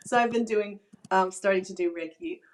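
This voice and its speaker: Hoarse woman guest on a video call. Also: mid-range voice, brisk, slight background noise. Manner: relaxed, rambling, laughs easily. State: hoarse, losing her voice. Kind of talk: casual interview chat.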